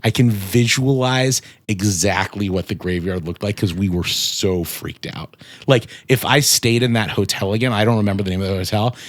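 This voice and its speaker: A man's voice: fairly low pitch, normal speed, no echo. A man in his forties telling a personal ghost story as a podcast guest, casually and with lots of filler words. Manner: rambling, full of "like" fillers.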